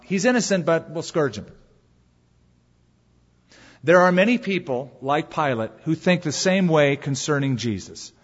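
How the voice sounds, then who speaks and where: A man preaching a sermon, telling the story dramatically with rhetorical questions. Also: on the high side. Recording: dull reverberant hall recording.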